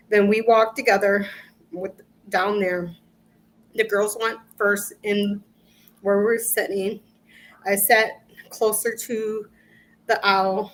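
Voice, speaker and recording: Middle-aged woman telling her story real slow, halting, keeps restarting, nervous laughs. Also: medium pitch, flat delivery, a bit bright, a little hiss or hum, poor audio. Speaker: interview guest. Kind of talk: emotional personal account.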